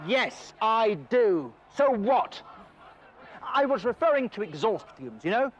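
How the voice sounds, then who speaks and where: A high-voiced hotheaded protester. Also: male voice, sing-song, slow, lo-fi sound, full character voice. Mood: indignant. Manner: argumentative, indignant. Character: stubborn hot-tempered male smoker protester. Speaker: sketch actor.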